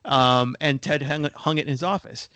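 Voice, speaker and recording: A man's voice: medium pitch, moderate pace, bright, forceful tone, no room sound. Rambling man, dry podcast mic. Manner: rambling, repeats words when starting sentences. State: coughing now and then. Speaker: podcast co-host. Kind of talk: casual podcast discussion.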